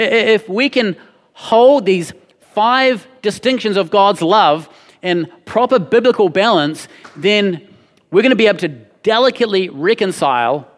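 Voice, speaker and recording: A man's voice: on the high side, long reverb tail. A man preaching a sermon, earnest and emphatic, repeating his key phrases for weight. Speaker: pastor.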